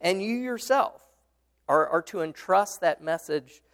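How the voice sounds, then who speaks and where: A man's voice: sits high, lively intonation, a little slow, fairly bright tone. A man leading a Bible study discussion, explaining a passage with many fillers and restarts and answering his students. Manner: explains patiently, responds to students.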